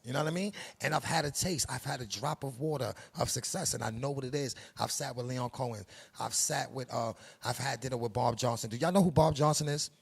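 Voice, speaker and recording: A middle-aged man from Harlem with a New York accent talks in a gravelly, husky voice. He lectures in an interview with streetwise slang and emphatic, preachy conviction. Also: medium pitch, brisk, hardly any pauses. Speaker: production company head. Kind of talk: interview, casual monologue.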